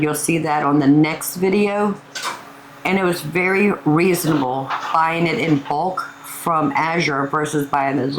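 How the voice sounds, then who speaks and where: A woman's voice: low voice, background noise. An older woman, hosting a casual cooking vlog and calling her viewers family as she tastes her food. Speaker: cooking channel host.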